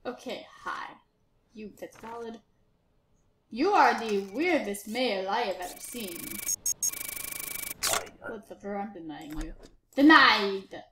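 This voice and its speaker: A woman's voice: mid-range voice, animated, slow pace, pauses often, a bit bright. A woman giving casual game commentary while playing a bossy, impatient border inspector. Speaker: gamer narrating her play. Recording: roomy, faint noise.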